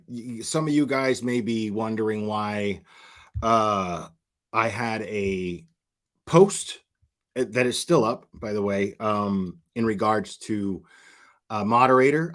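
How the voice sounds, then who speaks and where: A man's voice: fairly low pitch, fairly bright tone. A man hosting his channel in casual livestream commentary, crude and profane, rambling with repeated restarts. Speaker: channel host.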